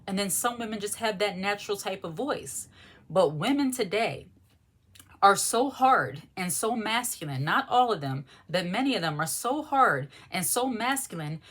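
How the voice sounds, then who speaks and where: A woman's voice: medium pitch, lively intonation, moderate pace, a bit bright. A woman vlogger giving frank, emphatic advice in a loose, conversational monologue. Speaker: lifestyle vlogger. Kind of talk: candid monologue to camera.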